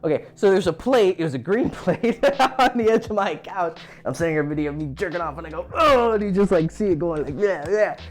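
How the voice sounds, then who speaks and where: A man's voice: on the high side, animated, fast talker, hardly any pauses, darkish tone, slight background noise. A man hosting a dating advice talk, speaking casually, frankly and explicitly. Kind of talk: casual monologue.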